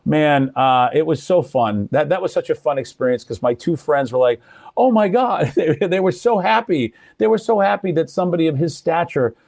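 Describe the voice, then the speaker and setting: Animated older male radio storyteller. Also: a little high, fairly quick, creaky, few pauses, no room sound, clean studio sound. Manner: animated storyteller, acts out quoted people. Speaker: radio personality and guest. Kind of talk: casual conversation, storytelling.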